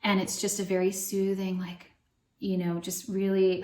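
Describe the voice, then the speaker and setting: A woman in her thirties hosting a parenting channel, answering viewer questions in a gentle, conversational way with soft laughs and fillers. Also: medium pitch, completely flat delivery, normal speed, roomy sound, a little hiss or hum.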